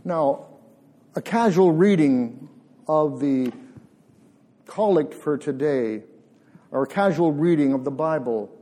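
Male preacher, warm low-toned voice, earnest measured sermon delivery in a church. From Canada.

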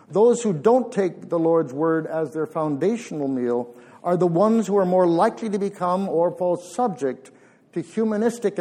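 A man preaching a sermon in church, earnest and measured with emphatic pauses. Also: on the high side, dark tone. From Canada.

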